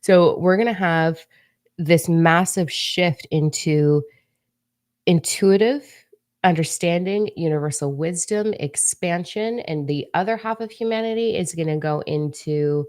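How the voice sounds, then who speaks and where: Low, gravelly woman talking bluntly. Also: no room sound, studio quality. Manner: blunt, profane, joking asides; talks to herself in whispered asides. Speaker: spiritual forecaster. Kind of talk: casual spiritual forecast monologue.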